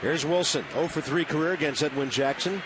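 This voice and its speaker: A man calling baseball play-by-play from a ballpark booth, brisk and conversational with wry asides. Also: a little high. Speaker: play-by-play announcer. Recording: noisy broadcast audio.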